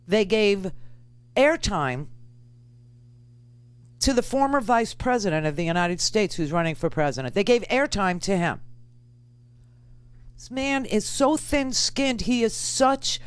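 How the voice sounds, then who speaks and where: A woman's voice: medium pitch, animated, measured pace, pauses often, clean tone, dry recording. A middle-aged woman hosting political talk radio, emphatic and indignant, repeating phrases for effect. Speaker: radio talk show host.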